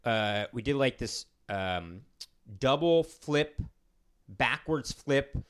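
A man's voice: medium pitch, lively intonation, slow. A man playing a tabletop game, easygoing and hesitant as he describes his moves. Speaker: player. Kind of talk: casual tabletop banter.

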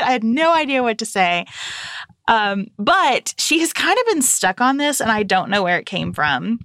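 A woman in her thirties, a podcast co-host, telling a family story in casual chat and lively quoting her child. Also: on the high side, moderate pace, no room sound, clean studio sound.

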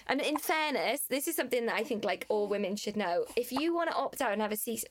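A young woman, co-hosting a podcast and telling stories in a lively, laughing way. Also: on the high side, fast talker. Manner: animated, laughing storyteller. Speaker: podcast co-host. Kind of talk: casual chat.

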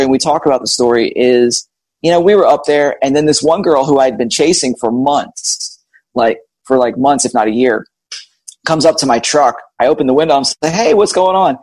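A man in his forties, a guest telling a candid, animated personal story about meeting his wife. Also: medium pitch, no room sound.

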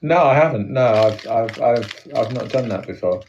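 A man hosting a casual comedy podcast, rambling with halting restarts. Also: medium pitch, vocal fry, darkish tone, distant mic, muffled recording, slight background noise. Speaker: podcast host.

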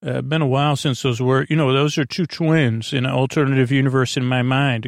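Creaky dude rambling on his sleep podcast, dry close mic, soft music behind. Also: mid-range voice, fairly even intonation, dry recording. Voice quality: creaky, meandering. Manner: slow, drowsy, full of tangents and filler. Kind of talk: rambling bedtime monologue.

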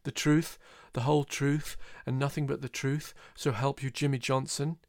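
A man's voice: mid-range voice, little pitch movement, moderate pace, no echo, studio quality, natural voice. A man reading the lines of a male drinker who teases his friend in a mock-solemn tone. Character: teasing male drinker mimicking court oaths.

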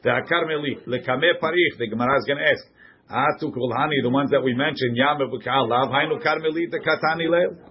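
A man's voice: medium pitch, a little fast. A man teaching a Talmud class, reading Hebrew and Aramaic phrases aloud and translating each one into English for his students in a classroom. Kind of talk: classroom Gemara lesson. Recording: muffled lo-fi classroom recording.

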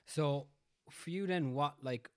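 A man's voice: a little high, slow pace, a little mellow, clear, resonant tone, no echo, clean studio sound. Man co-host asking loose questions. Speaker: podcast co-host. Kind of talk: casual chat.

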